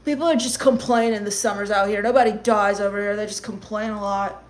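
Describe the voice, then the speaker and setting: A woman's voice: mid-range voice, fairly even intonation, brisk. A woman streamer reading chat comments aloud and answering them in a sarcastic, gloomy mock-goth rant. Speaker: livestream comedian reading chat. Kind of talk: comedic livestream chat reading.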